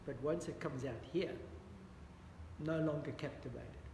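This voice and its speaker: Bible study teacher, male, high voice, echoey hall with long reverb, faint background ambience. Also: measured pace, noisy background. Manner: earnest, questions the audience, repeats "dear friends". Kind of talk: interactive Bible study lesson.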